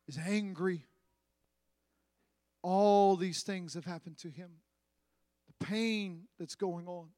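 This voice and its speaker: High-voiced slow preacher. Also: male voice, steady tone, dry recording, studio quality. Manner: dramatic, swings from loud to hushed. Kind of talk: sermon.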